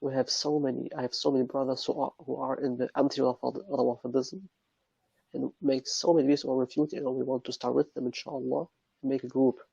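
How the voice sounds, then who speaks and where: A young man from Germany answers interview questions in halting English laced with Arabic phrases. His voice is gravelly and raspy, and it comes over a dry, dull lo-fi line. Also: medium pitch, flat delivery, mellow, no echo. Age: young adult. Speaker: interview guest. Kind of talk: online interview.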